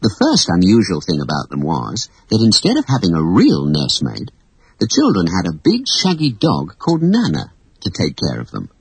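An animated, husky storyteller. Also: sits low, moderate pace, rough recording. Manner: expressive, animated. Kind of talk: children's story reading.

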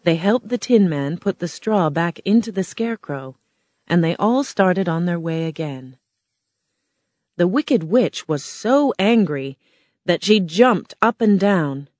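A woman narrating a storybook in a plain, measured reading voice. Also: lowish voice, animated, darkish tone, no room sound.

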